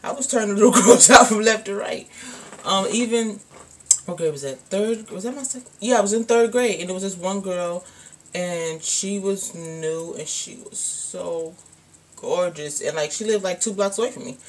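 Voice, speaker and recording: A young woman vlogger tells a personal story at a normal pace and medium pitch. She's candid and rambling, filling her speech with lots of "like" and "um."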